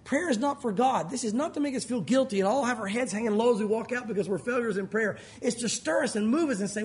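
Guy pastor preaching, pretty high voice, lively ups and downs. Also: fast, few pauses. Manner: animated preaching, voice rising and falling. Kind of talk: sermon.

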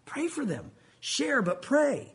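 A man's voice: extremely high pitch, wildly swooping pitch, slow pace, vocal fry, fairly bright tone. Guy preaching a sermon, earnest and chatty, talks right to the folks. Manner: earnest, conversational preaching that addresses the congregation as "guys". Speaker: pastor.

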